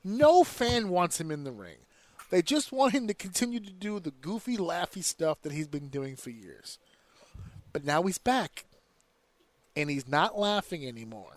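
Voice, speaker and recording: A man's voice: sits high, big pitch swings, unhurried. A man hosting a podcast, giving casual wrestling commentary as a heated, profane rant full of slang. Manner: slips into slang and mimicked voices. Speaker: podcast host.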